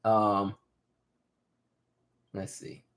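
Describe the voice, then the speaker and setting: A man in his thirties hosting a casual live stream, telling animated stories and reading viewer comments aloud. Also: lowish voice, drawn-out words. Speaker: host.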